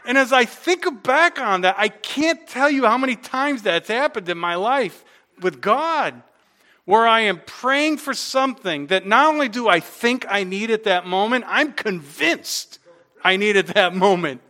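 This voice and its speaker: A middle-aged male pastor delivers a sermon in a bright, ringing voice that sits a little high for a man. He moves between hushed, slow moments and loud, animated storytelling.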